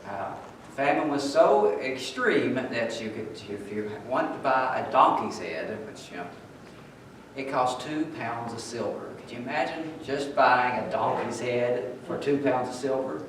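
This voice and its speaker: A male pastor preaching a sermon, telling a story and getting louder and higher as he retells its scenes. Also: lively intonation, a little slow. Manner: storytelling, rising loud and high when retelling scenes. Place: church sanctuary. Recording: echoey church hall, mic far off, faint noise.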